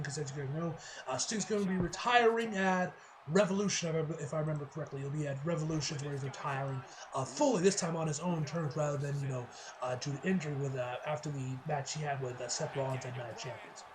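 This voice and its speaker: A man giving a casual, rambling wrestling show review, excitable and full of fillers and laughs. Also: high voice, a little hiss or hum.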